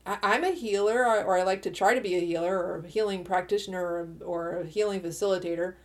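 A woman's voice: lowish voice, quick pace. Chatty opinionated woman podcaster. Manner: chatty, opinionated, often restarts and laughs. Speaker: podcast host. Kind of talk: casual solo podcast monologue.

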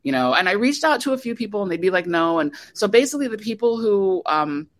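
A woman's voice: mid-range voice, big pitch swings, fast. A woman, a documentary director, talking in an interview and telling a story with many fillers and restarts. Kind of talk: conversational interview.

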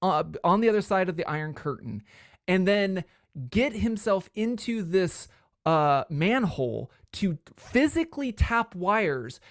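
A man's voice: high voice, lively intonation, a little slow, dry recording, clean studio sound. Enthusiastic man co-hosting a podcast. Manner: enthusiastic, rambling. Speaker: podcast co-host. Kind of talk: casual chat.

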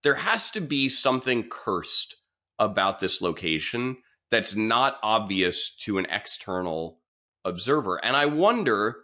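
Male podcast host from New York, storytelling monologue, animated, slips into voices for quotes. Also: on the low side. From New York City. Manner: chatty, animated, voices others in quoted asides. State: sick with Covid.

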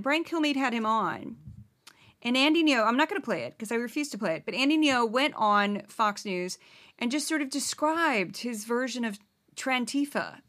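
A woman's voice: fairly high pitch, lively intonation, measured pace, sharp tone. A woman hosting a podcast, giving sarcastic, exasperated satirical news commentary. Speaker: podcast host.

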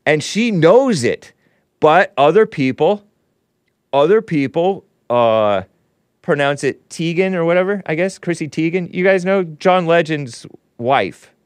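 A man's voice: a little high, expressive, slow pace, no echo. A man hosting a livestream show, talking in a rambling, sardonic way with chuckling asides from his studio. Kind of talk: casual commentary. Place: home studio.

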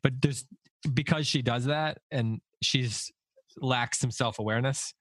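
A man's voice: medium pitch, unhurried, a bit bright, dry recording. A man leading a casual book discussion, thinking aloud with frequent restarts and self-corrections.

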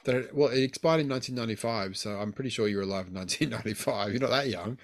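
A man's voice: mid-range voice, racing. A man hosting a photography podcast, chatting casually and teasing his co-judge while reading out competition entries. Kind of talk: casual chat.

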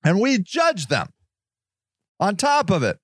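A man hosts a solo podcast in a fairly high voice, moving between reading aloud and heated rants. He is sarcastic and swears freely. The sound is dry and close, with no room around it. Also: huge pitch swings, slow pace, no room sound. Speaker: podcast host.

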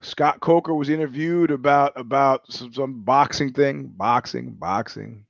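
A man's voice: medium pitch, fairly even intonation, moderate pace, no echo. Sardonic man, dry lo-fi sound. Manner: sardonic, profane, mimics others in anecdotes. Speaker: show host. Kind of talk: monologue storytelling. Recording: dry, slightly dull lo-fi audio.

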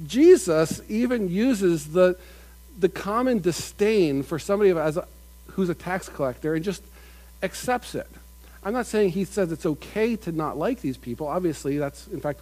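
A man's voice: sits high, darkish tone, low-quality recording. A man preaching a conversational sermon, often repeating and restarting his phrases. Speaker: pastor.

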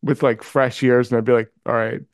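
On a podcast, a man chats casually and tells a story, doing the voices of the people in it like an animated storyteller. His voice is mid-range and fairly quick, with no room sound.

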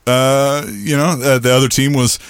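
A middle-aged man with a booming voice, co-hosting a podcast and telling a story in casual chat, acting out quoted lines in a raised pitch. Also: fairly even intonation, moderate pace, clean tone, dry recording, clean studio sound. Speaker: podcast co-host.

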